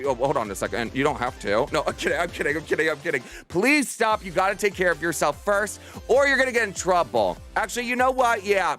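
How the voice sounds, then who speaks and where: A man's voice: a little high, fairly bright tone. A young man streaming from home, chatting to his viewers in a bubbly, affectionate way. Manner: bubbly, affectionate, talks fast to chat. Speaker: livestreamer. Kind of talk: casual stream chat. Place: home room.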